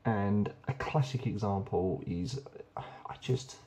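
A man's voice: lowish voice, slow pace, dark tone. Chatty man reviewing beer. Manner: chatty, enthusiastic, rambling with many ums. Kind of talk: casual beer review vlog.

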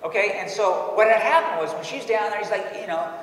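A man preaching a sermon in a church and telling a personal story, dropping his voice low for quoted lines and laughing often. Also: a little fast, fairly bright tone. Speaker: pastor. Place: church sanctuary. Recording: echoey hall, distant mic.

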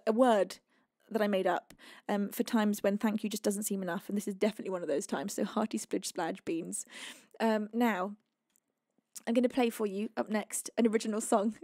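Gushing high-voiced British woman streamer. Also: a little mellow, no room sound, clean studio sound. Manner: gushing, effusive and giggly. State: emotional, close to tears. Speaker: livestream music host. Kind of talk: thanking chat viewers on a live stream.

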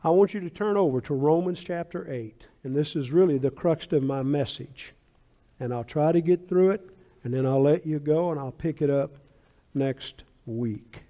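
High-voiced man preaching a sermon. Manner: animated, storytelling preacher with emphatic asides. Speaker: pastor. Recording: long hall reverb.

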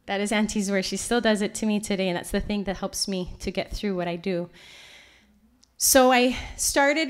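A woman giving a lecture, telling stories in an animated way and acting out the voices of people she quotes. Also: on the high side. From Hawaii. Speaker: lecture presenter. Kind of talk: storytelling lecture.

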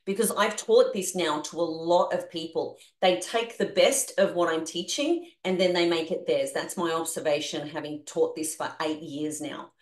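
Energetic Australian woman coaching a video call. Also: on the low side, reverberant. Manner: energetic, animated, coaxing the group along. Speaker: business coach.

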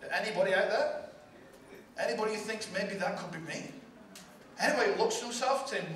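A man's voice: high-pitched, lively intonation, brisk, fairly bright tone, a little hiss or hum. A male pastor preaching a sermon with emphatic, repetitive rhetorical build-ups. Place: large church hall. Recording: echoey hall from far off, faint ambience.

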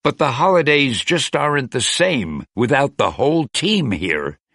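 A man's voice: mid-range voice, big pitch swings, measured pace, fairly bright tone, no room sound, studio quality, voice pushed up, full character voice. A man voicing a bubbly superhero woman. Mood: chirpy. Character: cheerful fashion-loving superhero woman.

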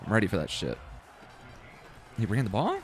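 A young man giving live commentary while playing a video game, swearing and repeating himself, sometimes breaking into yells. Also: fairly low pitch, normal speed, faint music behind. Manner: swears and mutters the same phrase over and over; excitable, jumps into yelling.

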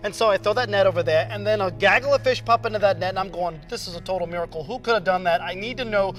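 An actor playing the disciple Peter as an excitable, rambling man in a comedy skit. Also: high-pitched, quick pace. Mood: excited. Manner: breathless rambling storytelling, big swings of excitement.

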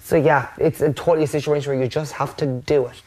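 A man's voice: a little high, fairly even intonation, quick pace, a little mellow. A man on a reality show giving blunt, sweary reassurance in a casual heart-to-heart chat.

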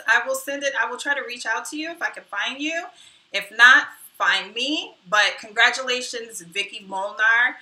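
Chatting casually on her own live stream, this YouTube host pokes fun at herself and mutters asides under her breath. She speaks at a moderate pace in a slightly high voice with a bright, forceful tone, picked up by a distant mic in a room with echo.

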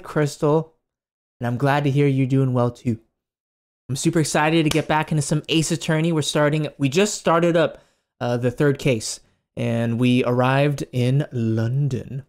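A man's voice: a little high, a little mellow. A man streaming a game, chatting casually in an upbeat way and laughing often.

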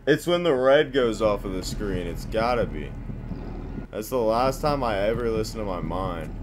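A young man commentating on his horror game playthrough, swearing freely and reacting loudly to each turn. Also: on the low side, animated, moderate pace, background noise. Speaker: gameplay commentator. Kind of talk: let's play commentary.

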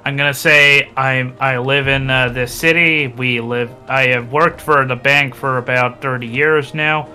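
Brief: a man putting on an ordinary middle-aged American dad, slow and bright, faint music behind. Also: a little high, monotone. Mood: folksy. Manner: slow, deliberate put-on American accent.

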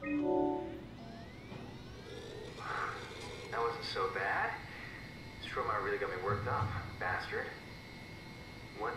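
A man's voice: on the low side, big pitch swings, a little slow, noisy background. An actor playing a frightened man trapped in a simulation, pleading and repeating himself, heard as game audio. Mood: uneasy. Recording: roomy, distant game audio with ambience.

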